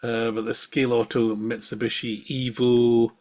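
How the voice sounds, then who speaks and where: A man's voice: medium pitch, level tone, normal speed, darkish tone. A man co-hosting a casual podcast, talking in a rambling, wry, self-deprecating way. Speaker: podcast co-host. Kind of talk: casual chat.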